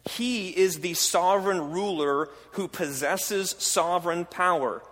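A man's voice: high voice, slow pace, fairly bright tone. A man preaching a sermon as a pastor, moving from emphatic declarations to casual, conversational asides. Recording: long hall reverb.

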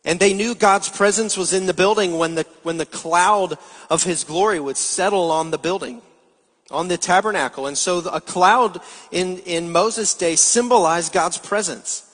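A man's voice: high-pitched, normal speed, a bit bright. A man giving a sermon as pastor, explaining scripture and asking his listeners rhetorical questions. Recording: long hall reverb.

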